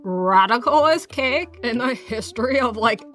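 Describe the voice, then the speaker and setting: A woman's voice: a little high, animated, a little slow, a bit bright. A woman voicing a laid-back male crocodile who talks like a surfer dude, all likes and dudes, in a children's audio story. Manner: slangy drawl, full of likes and dudes.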